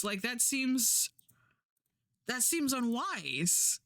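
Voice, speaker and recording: A woman's voice: mid-range voice, lively intonation, unhurried, fairly bright tone, no echo, studio quality. A woman streamer chatting casually, rambling and swearing, acting out the lines she quotes. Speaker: Twitch streamer.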